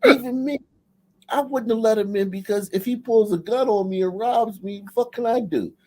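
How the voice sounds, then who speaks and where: A man's voice: sits high, moderate pace, darkish tone, low-quality recording. A male livestream host giving casual, profane, mocking reaction commentary.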